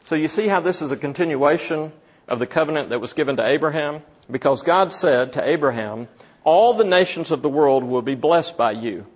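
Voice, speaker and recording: A man teaching from the Bible in a sermon, slow and deliberate, asking his listeners questions. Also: on the high side, lively intonation, highs cut off. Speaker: preacher.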